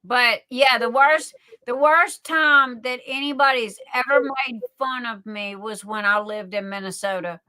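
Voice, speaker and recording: A woman's voice: fairly high pitch, measured pace, bright, forceful tone, dry recording, low-quality recording. A woman telling folksy stories in casual livestream chat, often repeating and restarting words. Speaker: livestream guest.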